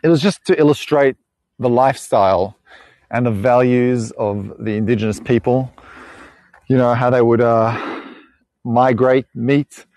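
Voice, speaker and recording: A man's voice: mid-range voice, unhurried, pauses often, darkish tone, dry recording. An Australian man chatting with live viewers on an outdoor walking tour, rambling, joking and laughing often. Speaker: live-stream tour guide. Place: outdoors on a bush walk.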